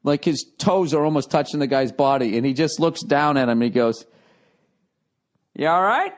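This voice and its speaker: A man's voice: mid-range voice, brisk. A man hosting a podcast, telling a casual anecdote full of swearing and laughing through it on a studio microphone. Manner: profane, laughing through his own anecdote. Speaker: podcast host. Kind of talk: casual storytelling.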